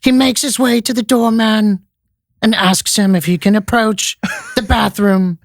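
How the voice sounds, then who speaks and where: A man putting on an older British nature documentary narrator, slow and grandly hushed. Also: high voice, steady tone, vocal fry, no echo, clean studio sound, voice pushed up.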